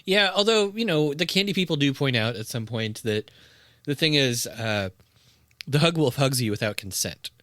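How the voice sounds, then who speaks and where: A man's voice: medium pitch, animated, moderate pace, fairly bright tone, dry recording, studio quality. A man co-hosting a podcast in casual chat, easygoing and teasing, with frequent affirming replies. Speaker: podcast co-host.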